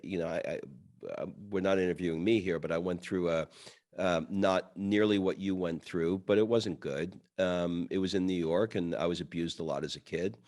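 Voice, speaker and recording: A man in his fifties with a very deep voice hosts the interview. He asks his questions haltingly and thoughtfully, restarting often, and the sound is dry and close. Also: steady tone, a little mellow, no room sound. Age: 50s. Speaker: podcast host.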